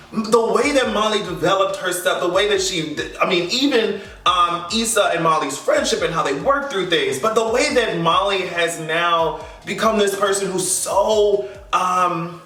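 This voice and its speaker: Male vlogger, bright and playful, profane rant, off-mic with faint music behind. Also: high voice, roomy sound, far from the mic. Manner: animated, profane, sassy and playful. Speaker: vlogger reviewing a TV finale. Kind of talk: casual rant to camera.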